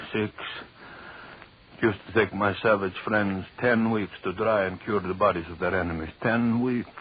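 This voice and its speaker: A cruel jealous husband who gloats in a very low, slow, brooding voice. The 1930s radio recording sounds dull and carries a faint hiss. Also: male voice. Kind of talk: 1930s radio drama acting.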